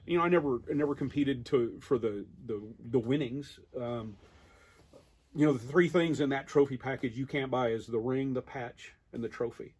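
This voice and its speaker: A man in his fifties with an American accent, telling a lively story in a casual interview and acting out the quoted exchanges. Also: mid-range voice, moderate pace, husky. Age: 50s. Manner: animated storyteller, acts out quoted exchanges with laughs. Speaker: duck calling champion guest.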